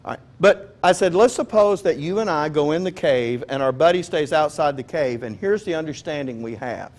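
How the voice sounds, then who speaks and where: A man's voice: a little high, lively intonation, normal speed, a little mellow. A man preaching a sermon in a conversational, joking way, often asking his listeners questions. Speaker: pastor.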